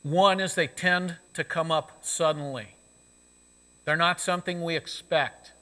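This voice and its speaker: A man's voice: fairly high pitch, sharp tone. A male pastor preaching a sermon in a conversational way, often saying "you know," in a church sanctuary. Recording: long reverb of a church sanctuary.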